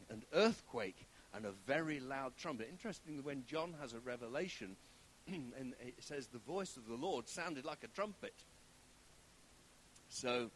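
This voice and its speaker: A man's voice: medium pitch, slight background noise, poor audio. A man preaching a sermon in a conversational way, often checking in with his listeners and stressing key words.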